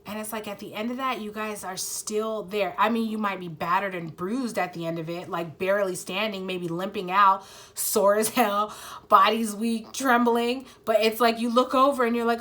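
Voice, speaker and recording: A woman's voice: medium pitch, steady tone, normal speed, a bit bright. Tearful woman doing a tarot reading. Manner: earnest, swears freely, many fillers. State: holding back tears. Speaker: tarot reader. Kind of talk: casual emotional tarot reading.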